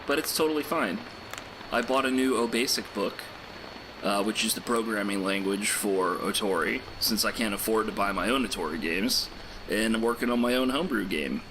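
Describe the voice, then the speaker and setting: A man's voice: on the low side, moderate pace, noisy background, close to an everyday voice. An actor playing an awkward young male stand-in host of a late-night game radio show, rambling and self-deprecating. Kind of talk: video game voice acting.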